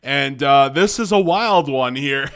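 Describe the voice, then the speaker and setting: A man's voice: medium pitch, takes it slowly, a bit bright. A young man in casual reaction commentary, rambling, correcting himself and laughing often. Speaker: YouTube commentator.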